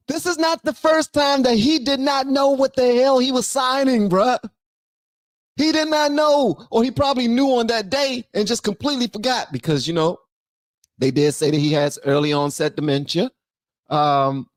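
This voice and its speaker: A streamer reacting to a clip in casual, slangy commentary, excitable and often cutting in. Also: medium pitch, no echo, clean studio sound.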